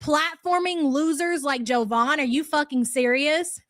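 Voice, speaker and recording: High-voiced woman ranting on a livestream. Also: measured pace, a bit bright, dry recording, clean studio sound. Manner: aggressive, swearing, sarcastic. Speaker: livestream commentary host. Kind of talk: profane livestream rant.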